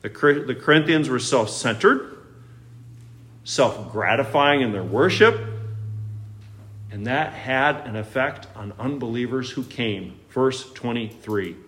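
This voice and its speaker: A middle-aged male pastor preaching a sermon, emphatic, with sudden loud rises and soft drops. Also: mid-range voice, animated, slow, long pauses.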